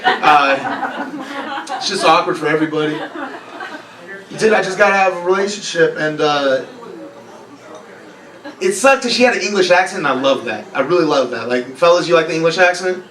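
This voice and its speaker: A man's voice: a little high, normal speed, pauses often, a bit bright. Young male stand-up comic, sardonic, self-mocking, banters with the crowd; raised voice, roomy bar heard from afar. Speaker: stand-up comedian. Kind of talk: live stand-up set. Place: bar comedy night. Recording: roomy bar recorded from far off, crowd laughing.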